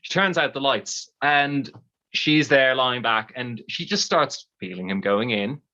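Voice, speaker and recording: An Irish storyteller spinning a bawdy comic tale in a loose, chatty way. The voice is bright and forward, and the livestream audio is a little dull. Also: mid-range voice, measured pace. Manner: bawdy, lively and conversational.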